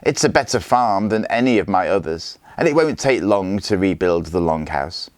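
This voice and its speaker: A man voicing a scheming, boastful Viking warlord who speaks with smooth-talking menace in a read-aloud story. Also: low-pitched, lively intonation, normal speed, no room sound. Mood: mocking.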